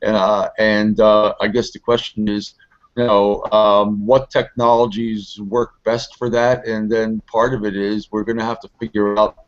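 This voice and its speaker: A man's voice: fairly low pitch, level tone, measured pace. A gray-haired older man, a neighborhood activist, speaking hesitantly and thoughtfully in a conversational discussion. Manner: hesitant, thoughtful, many fillers. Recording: slightly muffled lo-fi.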